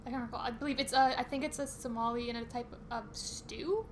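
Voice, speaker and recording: A woman's voice: on the high side, steady tone, brisk, background noise. A young woman co-hosting a casual podcast chat over food, giggly and full of fillers. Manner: chatty, giggly, filler-heavy. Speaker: podcast co-host. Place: studio under renovation.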